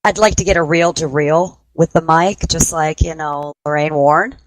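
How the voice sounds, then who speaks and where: A woman's voice: low-pitched, moderate pace, over a noisy crowd, poor audio. A woman guest on a radio talk show, a paranormal investigator who tells stories in a giggly way and often breaks into laughter. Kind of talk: casual radio chat.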